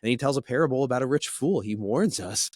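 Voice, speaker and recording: A man in his thirties, a podcast guest, telling a personal story in an earnest, animated way and often restarting his sentences. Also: mid-range voice, quick pace, no room sound. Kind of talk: conversational storytelling.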